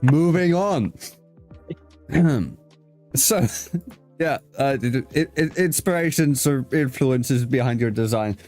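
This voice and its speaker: A man's voice: medium pitch, lively intonation, takes it slowly, long pauses, darkish tone, faint music behind. A man hosting a casual interview, laughing often, swearing loosely and restarting his sentences. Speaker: host.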